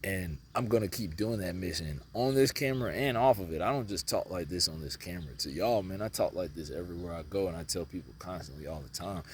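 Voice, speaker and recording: A man with a deep, low voice and a drawl talks straight to camera outdoors. His delivery is slangy and preachy, with plenty of emphasis. Faint crickets sound behind him. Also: a little hiss or hum. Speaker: spiritual vlogger. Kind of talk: casual spiritual talk to camera.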